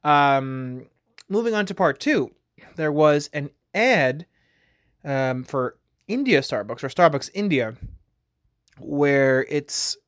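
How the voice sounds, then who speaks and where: A man's voice: a little high, expressive, takes it slowly, pauses often, fairly bright tone, no echo, studio quality. A man hosting a podcast, talking casually on his own in a rambling way, full of fillers. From United States. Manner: rambling, heavy on fillers like "like" and "you know". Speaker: podcast host. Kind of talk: casual solo commentary.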